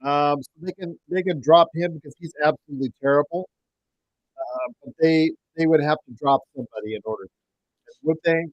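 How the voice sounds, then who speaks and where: A man in his forties hosting a casual basketball chat, rambling with restarts and sudden excited outbursts. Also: on the high side, fairly quick, highs cut off. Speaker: host of a basketball chat show. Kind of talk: casual live game chat.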